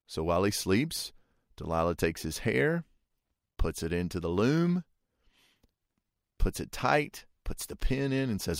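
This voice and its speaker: A man's voice: medium pitch, very animated, moderate pace, dry recording, clean studio sound. A man preacher retelling a scripture story in a conversational, vivid sermon style.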